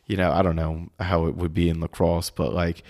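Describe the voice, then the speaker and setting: A man's voice: deep voice, flat delivery, fairly quick, a little mellow. A man co-hosting a podcast, chatting casually over fight footage, thinking aloud with restarts and casual swearing. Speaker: podcast co-host. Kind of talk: casual video commentary chat.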